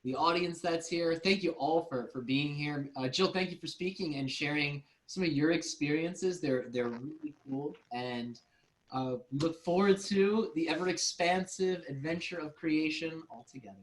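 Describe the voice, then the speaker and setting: High-voiced man telling a lively story. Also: moderate pace, rough recording. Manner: animated storyteller, laughs often. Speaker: co-host. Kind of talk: casual chat.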